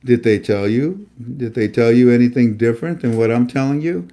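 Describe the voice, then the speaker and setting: Man, host, casual monologue, mellow tone, emphatic, preachy, stammering. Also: mid-range voice, brisk. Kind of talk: casual live-stream monologue.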